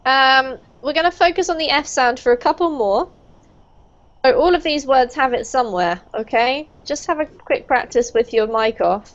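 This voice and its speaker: A woman teaching a live online pronunciation class, praising students warmly and laughing often. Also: normal speed. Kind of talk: live online group lesson. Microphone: video call. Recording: dull low-fidelity video call audio.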